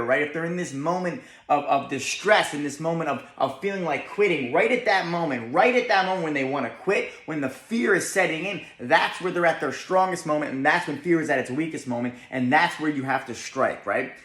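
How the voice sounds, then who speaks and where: A man's voice: a little high, a bit bright. Emphatic young man, motivational speaker. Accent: New Jersey. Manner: emphatic, keeps asking "right?". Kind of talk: motivational talk. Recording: echoey room.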